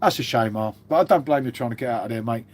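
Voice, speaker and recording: A man's voice: mid-range voice, fast talker. A man in his fifties hosting a casual live stream, rambling through stories, swearing freely and calling everyone mate. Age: 50s.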